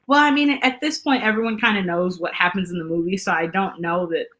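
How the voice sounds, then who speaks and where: A woman's voice: lowish voice, a little fast, fairly bright tone. A woman guest on a podcast, chatting in a bubbly way with lots of filler words. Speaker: actress guest. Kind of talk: casual chat.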